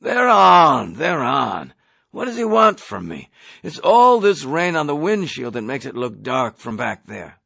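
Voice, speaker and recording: Male reader voices a stubborn boozy airman, rough and raspy-edged, audiobook. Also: on the high side, big pitch swings, measured pace, pushed and bright, no echo, full character voice. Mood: defensive.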